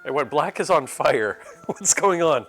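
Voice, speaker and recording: A man with a high, very lively voice chats through a live-streamed game, slipping into a mock-exasperated fatherly scolding of his viewers. Soft game music plays underneath. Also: measured pace. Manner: animated mock-exasperated fatherly role-play with chat. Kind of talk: casual live-stream gameplay chat. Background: faint game music.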